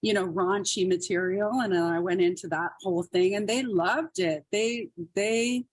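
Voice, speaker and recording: A woman's voice: mid-range voice, steady tone, moderate pace, no echo. A woman comedian and actress, telling stories as a podcast guest in a chatty way full of fillers. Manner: chatty, many fillers like "like" and "you know". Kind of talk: casual storytelling.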